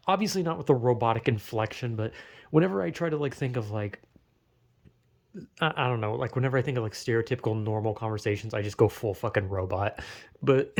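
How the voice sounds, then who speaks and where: A man's voice: medium pitch, creaky, darkish tone. A young man talking alone in a loose, rambling way, swearing often and laughing at his own tangents. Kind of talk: casual rambling monologue.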